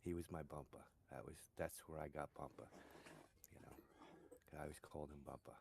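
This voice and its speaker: A man's voice: very deep voice, fairly even intonation, brisk, creaky, background noise. A middle-aged man chatting casually while gaming, telling rambling stories full of "you know". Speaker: gamer chatting on a stream. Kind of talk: casual chat.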